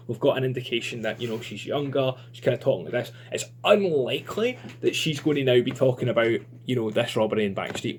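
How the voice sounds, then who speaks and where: A man's voice: mid-range voice, a little mellow, a little hiss or hum. Chatty man teaching writing. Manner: chatty and informal, lots of fillers. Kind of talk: online lesson.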